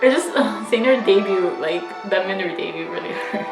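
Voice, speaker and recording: A woman hosting a reaction video, talking in a halting, emotional way with many fillers. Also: mid-range voice, lively intonation, gravelly, roomy sound, over music, poor audio. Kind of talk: casual emotional chat.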